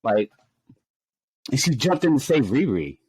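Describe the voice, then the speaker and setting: Animated man with a lively voice. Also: measured pace, breathy edge, no room sound. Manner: animated, bursts into high-pitched exclamations and laughter. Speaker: podcast co-host. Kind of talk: casual podcast chat.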